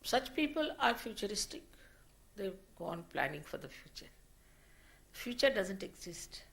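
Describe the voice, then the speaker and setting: A woman giving a slow, deliberate spiritual lecture, in a 1990 archive recording. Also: medium pitch, very animated, creaky, a bit bright. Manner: slow, deliberate teaching with rising emphasis. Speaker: spiritual teacher.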